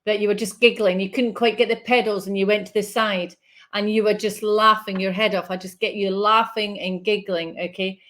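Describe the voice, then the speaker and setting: A woman's voice: mid-range voice, steady tone, moderate pace, fairly bright tone. A woman working as a spiritual medium in a live online reading, speaking in a soothing, reassuring way and often checking in with "okay?".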